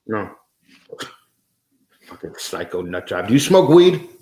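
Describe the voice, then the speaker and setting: A man's voice: lowish voice, sing-song, a little slow, mellow, reverberant, slight background noise. A man as a podcast guest in casual chat, ranting with heavy swearing and stammering restarts.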